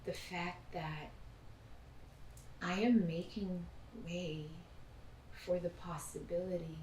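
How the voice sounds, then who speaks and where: A woman leading a casual group conversation, talking in a gentle, reflective, spiritual way. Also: on the low side, steady tone, takes it slowly, slight background noise. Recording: echoey room from a distance.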